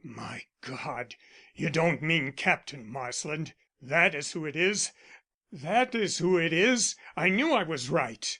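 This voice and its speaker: Agitated young man, read by a male narrator, fierce and suspicious, highish voice. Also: lively intonation, unhurried, sharp tone, heavily acted. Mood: alarmed. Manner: agitated, accusing. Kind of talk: audiobook character reading.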